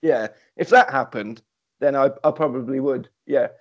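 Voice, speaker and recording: A British man co-hosting a podcast, retelling a film's plot in a casual, animated way and laughing often. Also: mid-range voice, normal speed, lo-fi sound. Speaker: podcast co-host. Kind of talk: casual film recap chat.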